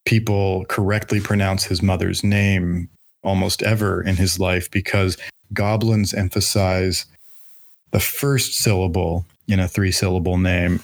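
Low-voiced enthusiastic male podcast host. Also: little pitch movement, a little slow, gravelly. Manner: enthusiastic, thinking aloud with restarts. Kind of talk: casual book-club chat.

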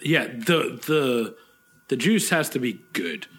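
A man with a husky, slightly rough voice chats casually on a podcast about his work making spirits. He tells stories animatedly and swears freely, with pitch set in an ordinary male middle range. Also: lively intonation, takes it slowly, fairly bright tone. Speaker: spirits producer and podcast co-host.

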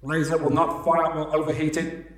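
A man putting on a stiff robot voice, reading game instructions in a monotone. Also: on the high side, moderate pace, heavy reverb, natural voice, rough recording. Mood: mechanical.

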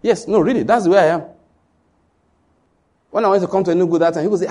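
A Nigerian man preaching in church, his voice husky and pitched a little high. He drives each point home by repeating it and speaks straight to the congregation. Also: fast, mellow. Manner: emphatic, repetitive preaching that addresses the congregation directly. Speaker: pastor. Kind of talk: sermon.

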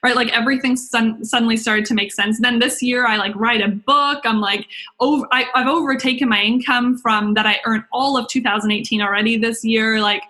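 A young woman business coach talks through a webinar in a bubbly, rambling way, peppering it with "like" and little acted-out inner voices. Her voice sits fairly high and sounds bright and forceful. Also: fairly quick. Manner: chatty, excitable, lots of "like" and acted-out inner voices. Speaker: business coach and podcast host. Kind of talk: webinar talk.

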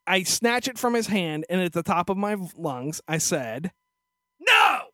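A man's voice: high voice, expressive, moderate pace, fairly bright tone, no room sound. A male podcast host telling a story in a crude, profane, sarcastic rant into a studio microphone. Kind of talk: casual ranting storytelling.

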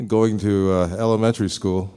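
A man answering fan questions as a guest on stage, pausing often with "uh" and chuckling as he tells stories. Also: on the low side, flat delivery, mellow, clean tone. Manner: halting, many "uh"s, chuckles often. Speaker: celebrity guest on a fan panel. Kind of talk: casual stage Q&A. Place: large half-full stadium stage.

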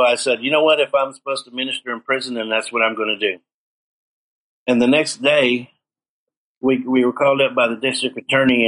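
Middle-aged male guest, mid-pitched, earnest testimony storyteller. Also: fairly bright tone, rough recording. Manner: earnest storytelling, acts out quoted dialogue. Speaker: guest telling his life story. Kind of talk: personal testimony in an interview.

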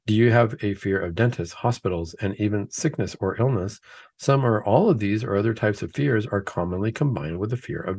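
A man's voice: on the low side, a little mellow, husky, no echo. A man hosting a Catholic talk show in casual conversation, acting out excuses in a raised voice and building his points through repeated questions. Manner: acts out imagined excuses in a raised voice.

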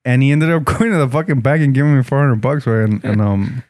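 A man's voice: mid-range voice, quick pace, darkish tone, dry recording, studio quality. A man telling stories in casual, profane chat, slipping into Spanish. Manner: profane, laid-back, switches into Spanish. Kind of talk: casual storytelling.

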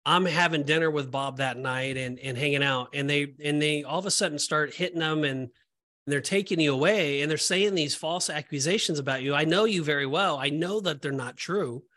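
Emotional man, higher voice, rambling. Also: a little fast, pushed and bright. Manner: rambling, emotional, many restarts. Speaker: podcast co-host. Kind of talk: casual Bible discussion.

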